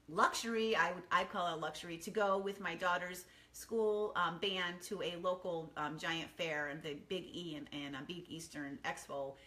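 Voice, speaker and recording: Bright-voiced upbeat woman chatting. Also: on the low side. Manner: chatty, upbeat, rambling with many ums. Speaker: wellness vlogger. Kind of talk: casual morning chat to camera. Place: quiet home kitchen.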